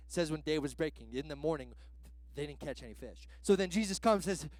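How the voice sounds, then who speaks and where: A man's voice: sits high, animated, quick pace, dry recording. A man preaching a sermon as a guest pastor, in a casual, slangy way that is full of "like" fillers.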